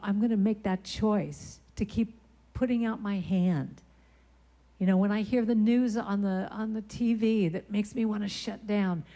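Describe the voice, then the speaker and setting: Mellow-voiced woman telling church stories. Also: mid-range voice. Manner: conversational, with brief sung lines. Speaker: guest speaker and singer. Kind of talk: storytelling sermon talk. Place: church sanctuary.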